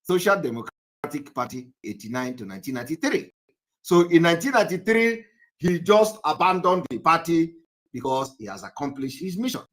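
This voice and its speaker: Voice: medium pitch, fairly bright tone, rough recording. A speaker giving livestream political commentary, lecturing viewers emphatically with repeated rhetorical questions.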